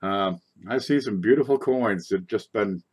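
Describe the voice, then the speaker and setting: A man hosting a coin collecting show in casual livestream chat from his desk, rambling and chatty with sudden excited outbursts. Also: on the low side, measured pace, slightly rough. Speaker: coin collecting channel host.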